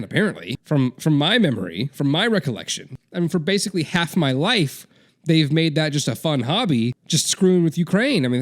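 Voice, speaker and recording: A man vlogs in loose, rambling comedic commentary, with a sarcastic edge and plenty of filler words. His voice sits high and jumps around a lot. It has a gravelly, fry-laden texture. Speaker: vlogger.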